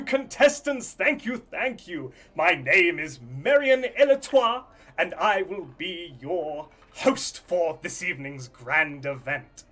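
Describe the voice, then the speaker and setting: A man voicing a flamboyant male half-elf showman who hosts a stage contest, announcing in a loud, grandiose way. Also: high voice, voice pushed up, heavily acted.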